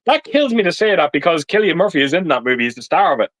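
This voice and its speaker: A man's voice: fairly high pitch, big pitch swings, quick pace, fairly bright tone, no echo. A man hosting a casual movie live stream over a video call, blunt and stammering, with plenty of swearing. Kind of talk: casual chat about movies.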